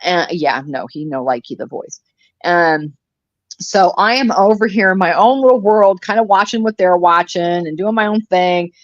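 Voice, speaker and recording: A woman's voice: lowish voice, normal speed, dry recording. A woman chatting casually on a live stream, rambling through stories and swearing freely. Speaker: live commentary co-host. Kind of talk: casual chat. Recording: dry, slightly dull lo-fi audio.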